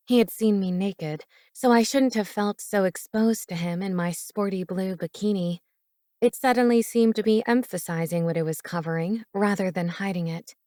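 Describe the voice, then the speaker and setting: A woman's voice: mid-range voice, darkish tone, no echo, studio quality. A woman narrating a first-person romance audiobook in an intimate storytelling manner.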